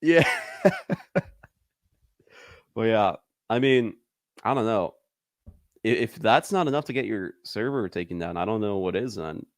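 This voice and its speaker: A man with a low voice in a relaxed, rambling chat, full of fillers and quick laughs. The recording is dry and close. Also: no room sound. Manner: loose and rambling, heavy on fillers, laughs often. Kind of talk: casual chat.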